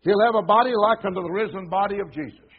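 A man's voice: sits high, fast, husky. A man preaching a sermon at a church service, earnestly exhorting the congregation and reading scripture aloud. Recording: dull lo-fi sermon recording.

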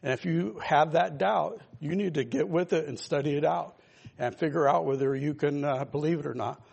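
A man's voice: a little high, moderate pace, creaky, a little mellow, husky, highs cut off. An older man giving an informal, rambling sermon, emphatic and full of asides to his listeners. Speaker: pastor.

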